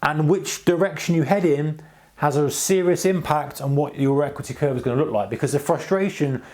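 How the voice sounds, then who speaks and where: A man hosting a trading channel, giving casual advice to camera in a rambling, animated way and acting out his own inner voice. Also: a little high, a little fast. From United Kingdom.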